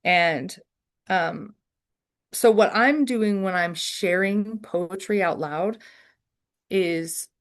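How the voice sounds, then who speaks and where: A woman leading an online poetry workshop, answering questions slowly and thoughtfully with many fillers. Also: medium pitch.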